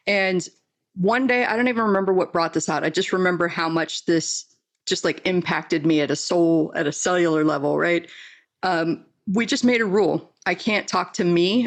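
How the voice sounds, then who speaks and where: A woman's voice: lowish voice, normal speed. Frank, heartfelt woman podcast host. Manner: heartfelt and frank, with mild swearing. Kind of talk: casual interview talk.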